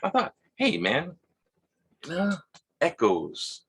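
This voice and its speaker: A man with a Hawaiian accent telling a rambling personal story, halting, repeating words and acting out quotes in a husky voice. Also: fairly high pitch, wildly swooping pitch, a bit bright, slight background noise. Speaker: vlogger.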